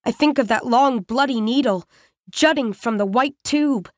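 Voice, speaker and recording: A woman reading a scripted first-person story in a measured, tense, intimate manner. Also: fairly high pitch, no room sound. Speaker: narrator. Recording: dry close studio voice.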